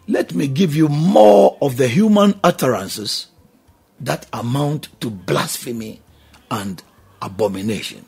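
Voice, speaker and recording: A Ghanaian pastor preaches a radio sermon in a rough, gravelly, deeply husky voice. He speaks slowly but with a wildly swinging pitch, bursting into exclamations and pointed questions. Faint music sits behind him. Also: a little mellow. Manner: emphatic, exclaiming and questioning the listener; alternates between two languages.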